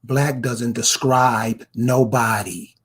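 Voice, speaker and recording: A man's voice: mid-range voice, steady tone, takes it slowly, fairly bright tone, slightly rough. A man delivering a confrontational commentary, firing rhetorical questions straight at the viewer. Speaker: online commentator. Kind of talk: ranting commentary to camera.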